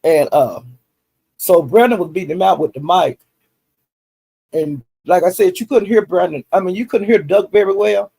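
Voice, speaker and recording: A man's voice: sits high, moderate pace, gravelly, dark tone, husky. A man, recapping online drama in a rambling, folksy way full of fillers. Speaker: YouTube commentary host.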